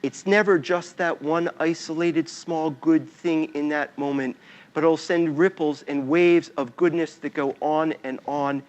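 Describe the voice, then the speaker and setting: A man voicing a patient mother who gently explains a lesson to her young son. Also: on the high side, lo-fi sound, natural voice. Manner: calm, gentle, explaining slowly.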